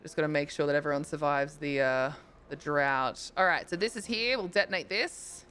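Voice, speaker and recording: A woman's voice: low-pitched, normal speed, fairly bright tone, clean tone. Chatty young woman streaming a game. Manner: chatty, thinks aloud, swears casually, bursts into squeals. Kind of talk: casual live-stream chat while playing.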